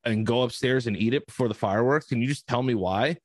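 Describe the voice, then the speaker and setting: A man on a podcast telling a story in casual chat, profane and animated, acting out the dialogue. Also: mid-range voice, quick pace, no room sound. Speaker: podcast host.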